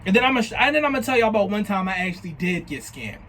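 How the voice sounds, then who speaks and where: A young vlogger from New Jersey fires off a storytime about scammers at a rapid clip, his voice high-pitched. He swears freely and reenacts the chats with quoted lines. The recording is low quality, with a little hiss or hum.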